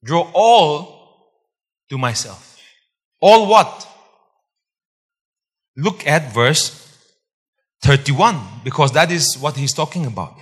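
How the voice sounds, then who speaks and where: Male pastor, husky voice, emphatic sermon delivery with repetition and questions to the congregation, long hall reverb. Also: medium pitch, very animated, slow, pauses often, a bit bright. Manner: emphatic, repeats key points, quizzes the congregation.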